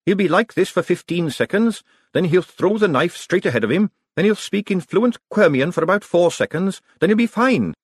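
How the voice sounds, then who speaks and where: Man putting on a high, firm kitchen girl. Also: lively intonation, moderate pace, breathy edge, dry recording. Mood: brisk. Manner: firm, weary, matter-of-fact. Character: brisk no-nonsense young kitchen girl.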